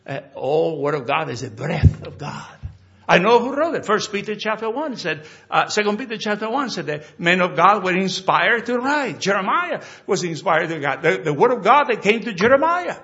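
Animated, bright-voiced male pastor preaching. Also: high-pitched, normal speed, muffled recording. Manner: animated, emphatic, acts out dialogues. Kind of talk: sermon.

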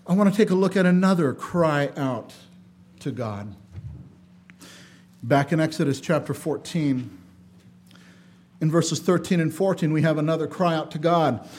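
A man preaches with a notably high-pitched voice. His delivery is dynamic, rising into loud emphasis and dropping to quiet asides. When reading scripture, he slows into a measured cadence. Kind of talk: sermon.

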